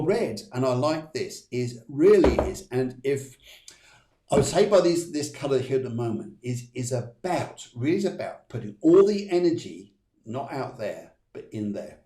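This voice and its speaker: Rambling, upbeat psychic host. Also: male voice, mid-range voice, dark tone, echoey room. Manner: rambling, many fillers and restarts, chatty and upbeat. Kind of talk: live-streamed card readings.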